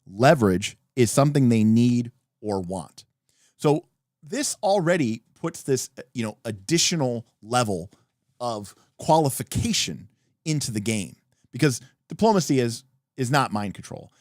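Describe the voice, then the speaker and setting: A man hosting a livestream, explaining tabletop game rules in an animated, emphatic casual way with some profanity. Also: mid-range voice, measured pace, no room sound, clean studio sound. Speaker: podcast host. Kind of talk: livestream talk about tabletop games.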